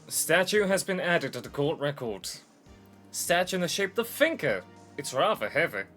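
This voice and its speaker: A man voicing an older male judge in a slow, ponderous courtroom manner. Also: fairly high pitch, sing-song, a bit bright, faint music behind. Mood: solemn. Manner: ponderous, measured.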